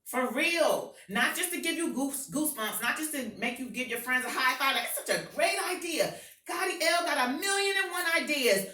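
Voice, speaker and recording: A woman giving an impassioned personal testimony to a live audience, swinging from hushed to shouting. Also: high voice, animated, moderate pace, slight background noise. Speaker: motivational speaker. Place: event hall with an audience. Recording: echoey hall, voice picked up from far off.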